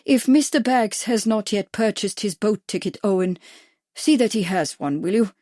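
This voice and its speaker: A woman voicing a stout older royal man with a gruff German accent, commanding and dry. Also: medium pitch, normal speed, dark tone, dry recording, close to an everyday voice.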